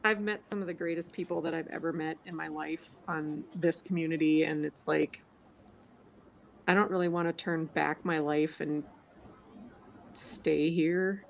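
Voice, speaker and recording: A woman with a Minnesotan accent and a slightly low voice chats casually, snarky and laughing often. Faint noise hums behind her. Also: fairly even intonation, unhurried, vocal fry, rough recording. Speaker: livestream co-host. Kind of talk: casual chat.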